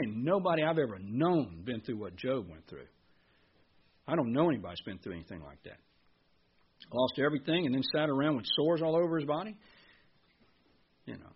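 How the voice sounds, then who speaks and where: A man's voice: mid-range voice, slightly rough, highs cut off. A man preaching a sermon in a conversational way, asking the congregation questions.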